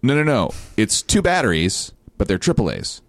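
A man on a comedy podcast, explaining things plainly and deadpan in casual banter. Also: lowish voice, moderate pace, no echo, studio quality.

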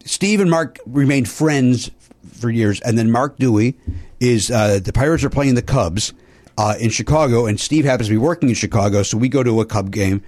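A man's voice: mid-range voice, normal speed, a little mellow. A man hosting a comedy podcast, telling rambling anecdotes full of fillers and restarts. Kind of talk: casual chat, telling anecdotes.

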